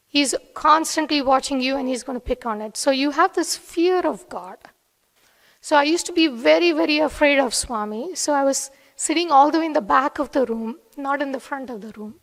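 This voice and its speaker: A woman giving an earnest devotional talk, telling a personal story in a soft-spoken way. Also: high-pitched, gravelly. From USA. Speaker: devotional speaker. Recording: long hall reverb.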